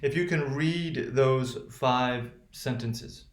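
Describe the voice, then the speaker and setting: A male teacher with a General American accent, lecturing on pronunciation, halting, restarting often and checking with "right?". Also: mid-range voice, roomy sound. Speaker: phonetics teacher. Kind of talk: recorded remote lecture.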